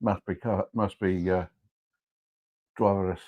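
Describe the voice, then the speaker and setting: A man's voice: deep voice, fairly even intonation, unhurried, highs cut off. A man co-hosting a comedy podcast in casual chat, joking and laughing often. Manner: jokey, laughs often, playful. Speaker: podcast co-host.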